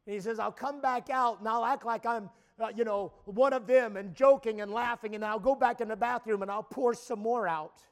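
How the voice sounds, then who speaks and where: A man preaching a sermon at a camp meeting, retelling a story with frequent stammering restarts and rising to shouts. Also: high voice, normal speed, hardly any pauses. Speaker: pastor.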